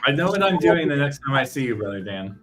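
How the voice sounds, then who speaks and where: A man co-hosting a casual book podcast, reacting with quick teasing remarks. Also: mid-range voice, big pitch swings, fairly bright tone, soft background music. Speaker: podcast co-host. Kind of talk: casual book-discussion chat.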